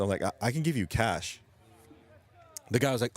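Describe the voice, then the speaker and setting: A man's voice: medium pitch, animated, fairly quick, pauses often. A man hosting a late-night stream, chatting loosely with viewers, rambling and swearing often, who says he came from New York. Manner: profane, rambling, restarts sentences. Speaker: livestream host. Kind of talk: casual rambling chat with viewers.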